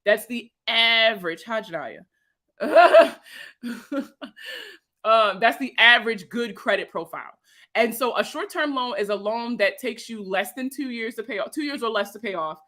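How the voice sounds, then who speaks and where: A woman's voice: fairly high pitch, normal speed, pushed and bright. A young woman with a Baltimore accent, hosting a money livestream in a loose, slangy, chatty way and greeting viewers by name. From Baltimore, USA. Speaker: financial educator hosting a livestream. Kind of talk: casual livestream chat answering viewer comments.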